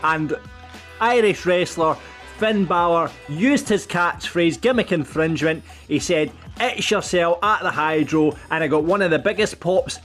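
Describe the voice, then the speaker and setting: A man's voice: on the high side, fairly bright tone. A man hosting a podcast as its producer, making jokey, teasing introductions.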